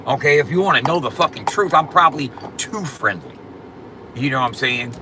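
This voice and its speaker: A man's voice: mid-range voice, expressive, brisk, noisy background. A man hosting a casual livestream, joking and bragging to his chat in a loose, profane drawl, often repeating "you know what I'm saying". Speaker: livestream host.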